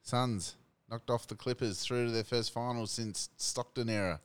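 A man's voice: mid-range voice, steady tone, moderate pace, smooth. A man co-hosting a casual sports chat, blunt and sweary, mocking his co-host.

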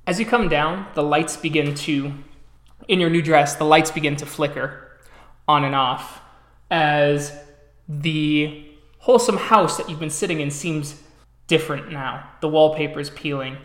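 A man's voice: a little high, measured pace, fairly bright tone, roomy sound. A man running a tabletop role-playing game as storyteller, describing the scenes.

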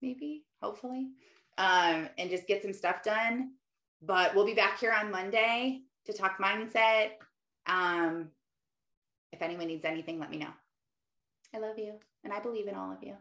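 A woman's voice: mid-range voice, normal speed. Woman podcast host, casual and chatty, heavy filler words, echoey room with faint music. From Michigan, United States. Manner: chatty, lots of "like", animated storytelling. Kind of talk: casual mindset podcast monologue. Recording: roomy echo with faint music.

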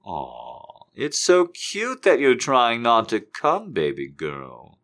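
A man voicing a dominant, seductive grown man in a slow, breathy whispered role-play. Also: huge pitch swings, fairly bright tone, full character voice. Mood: teasing. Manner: slow, low, breathy murmur.

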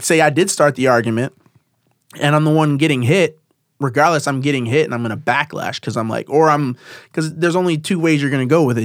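A man's voice: mid-range voice, no echo, studio quality. A man telling a personal story in casual conversation, rambling with many fillers and restarts.

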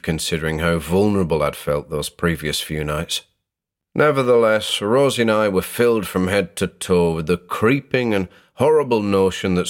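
Deep-voiced young male narrator. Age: young adult. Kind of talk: scripted horror narration.

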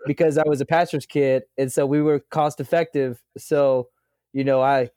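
Casting: male podcast co-host, mid pitch, chatty storyteller, dry close mic. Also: moderate pace, no room sound. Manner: chatty storyteller, animated asides. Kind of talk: casual podcast chat.

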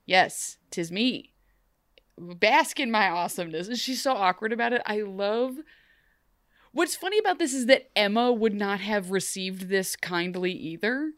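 A young woman co-hosting a casual chat show, recapping a TV episode with jokes and quick bits of acted-out dialogue. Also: mid-range voice, no room sound, clean studio sound. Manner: animated, jokey, acts out characters in funny voices. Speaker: podcast co-host.

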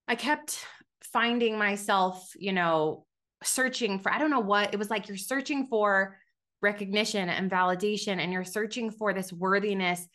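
A woman's voice: lowish voice, a bit bright. A woman in her thirties telling her own story as a podcast guest, candid and conversational, with many fillers and restarts. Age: 30s. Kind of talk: personal testimony.

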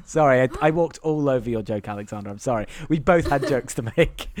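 A man's voice: mid-range voice, big pitch swings, moderate pace. A man hosting a casual movie review chat, wry and sarcastic, often laughing mid-sentence. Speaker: podcast host.

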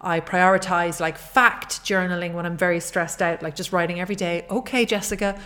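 Earnest woman podcaster, low voice. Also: little pitch movement, a little fast, fairly bright tone. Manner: earnest and encouraging, repeats key phrases. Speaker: podcast host and fitness coach. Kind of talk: solo podcast talk.

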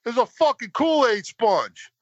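A man telling a story in casual chat, swearing constantly and getting animated as he goes. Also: normal speed, dry recording. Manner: animated, voice climbs high when worked up. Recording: dull lo-fi dry sound.

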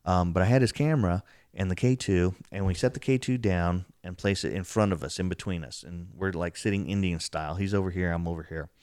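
A man casually telling an excited story about a paranormal investigation, acting out what was said. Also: a little fast, few pauses, no room sound, clean studio sound. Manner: excitable, acts out quotes, rising pitch when telling.

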